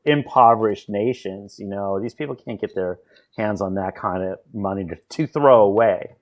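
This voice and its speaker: A man's voice: on the low side, normal speed. A man hosting a podcast, chatting casually in rambling anecdotes with frequent restarts. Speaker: podcast host. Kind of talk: casual chat.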